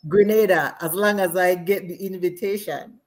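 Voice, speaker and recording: An adult Jamaican woman with children is a guest on a casual live interview. Her voice is fairly low and her speed normal, and she's animated, laughing often and using many fillers.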